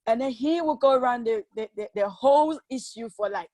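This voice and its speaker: A woman's voice: a little high, a little fast, mellow, dry recording. A woman speaking at a relationship seminar, telling her own experiences in a candid storytelling manner and acting out the lines people said to her. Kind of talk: personal testimony talk.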